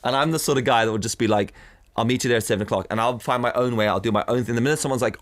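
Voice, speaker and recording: A man of middle pitch co-hosting a casual podcast chat. He rambles from story to story, piling up restarts, and breaks into put-on voices to act out what his friends say. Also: racing. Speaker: podcast co-host.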